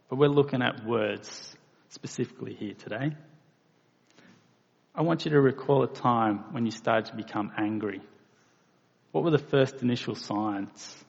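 A man delivers a sermon at an unhurried, measured pace, his voice gravelly with a touch of fry. He rises into emphatic bursts on key points. The recording is dull and lo-fi, with a long reverb tail as if in a large hall. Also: on the low side. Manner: slow, deliberate preaching with emphatic bursts. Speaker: preacher.

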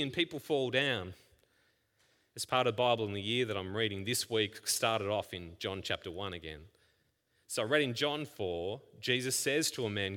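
A man preaching a sermon as pastor, firing rhetorical questions and moving between hushed scripture reading and loud emphasis. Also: mid-range voice, lively intonation, normal speed. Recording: long hall reverb.

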